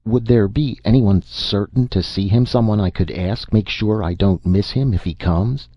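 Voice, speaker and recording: A man's voice: lowish voice, moderate pace, no room sound, pitched above the performer's own voice, natural voice. A man voicing a cautious, mysterious male stranger who speaks carefully and stammers, in a dull lo-fi recording.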